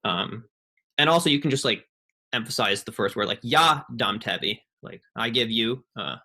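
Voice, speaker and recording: Young male student presenter, bright voice, halting, filler-heavy delivery. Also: medium pitch, expressive. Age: young adult. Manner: halting, many ums and restarts. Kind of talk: casual online presentation.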